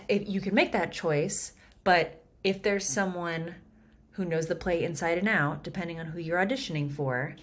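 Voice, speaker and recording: Low-voiced, unhurried woman coaching actors. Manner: chatty, animated, fond of the material. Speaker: acting coach. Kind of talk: casual monologue coaching.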